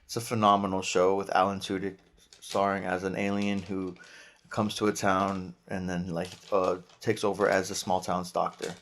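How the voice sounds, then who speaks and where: A man with a lowish voice chats on a podcast. He rambles excitedly, restarting sentences often and dropping slang as he goes. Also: normal speed. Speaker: podcast panelist. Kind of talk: casual podcast chat.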